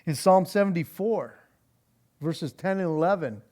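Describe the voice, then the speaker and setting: A man with a high, light voice teaches scripture as a pastor at a church Bible study. He talks in an animated, conversational way, stumbling and repeating words as he goes. He laughs easily between points. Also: measured pace.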